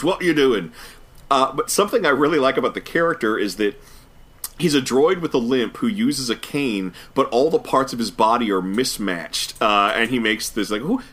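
A man co-hosting a podcast, chatting casually about an animated episode in a thoughtful way with frequent fillers and restarts. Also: mid-range voice, breathy edge. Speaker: podcast co-host. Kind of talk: casual review chat.

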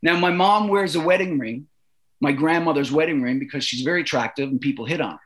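A middle-aged Canadian man telling a long story in a casual interview, animated and profane, acting out the voices of the people in it. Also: fairly high pitch, fast talker. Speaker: guest.

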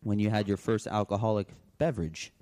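A man's voice: fairly low pitch, fairly even intonation, brisk, mellow. A young man co-hosting a podcast from a home kitchen, talking loosely and crudely with lots of fillers. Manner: loose, profane, rambling with fillers. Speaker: podcast co-host. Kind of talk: casual crude banter.

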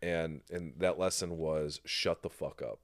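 A man's voice: rumbling low, a little slow, dry recording, studio quality. A man hosting a podcast, telling a story in casual chat, swearing freely and acting out what people said. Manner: animated storyteller, swears freely, acts out quotes. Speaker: podcast host.

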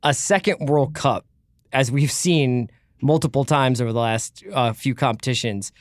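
A man in a casual sports podcast chat, talking in animated, rambling runs with jokes and restarts. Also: mid-range voice, moderate pace, dry recording, studio quality.

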